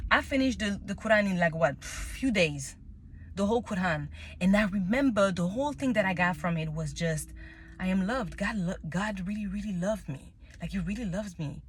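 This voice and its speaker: Woman, tarot reader, candid, emotional, restarts, mid pitch, dry sound. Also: fairly bright tone, no room sound. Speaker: tarot reader sharing a personal story. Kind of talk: casual spoken monologue.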